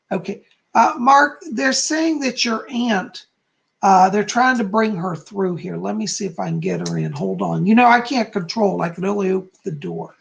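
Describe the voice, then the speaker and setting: A man's voice: high-pitched, vocal fry. A man hosting a live stream as a psychic, relaying spirit messages to viewers by name while losing his voice.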